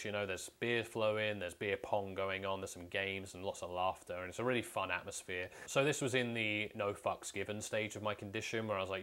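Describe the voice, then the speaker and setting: A man's voice: deep voice, a bit bright, clear, resonant tone. A man, telling personal stories to camera in a candid, blunt way and swearing freely. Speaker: vlogger. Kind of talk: casual storytelling to camera.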